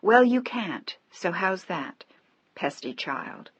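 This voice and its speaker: A woman voicing a gentle, anxious young wife who speaks earnestly and pleadingly. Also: lowish voice, very animated, takes it slowly, husky, dry recording, lo-fi sound, exaggerated voice.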